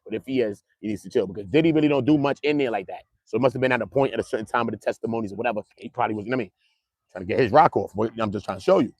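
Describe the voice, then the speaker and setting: A man giving loose, joking commentary on a trial, full of street slang and animated storytelling. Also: mid-range voice, rapid-fire, no room sound, clean studio sound. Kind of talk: casual livestream commentary.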